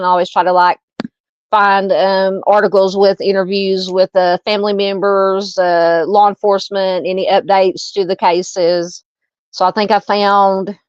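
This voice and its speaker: A woman's voice: medium pitch, darkish tone, dry recording, dull audio. A woman with a Southern accent hosting a true crime livestream, chatting casually, reading viewer comments and thanking them, with many fillers and laughs.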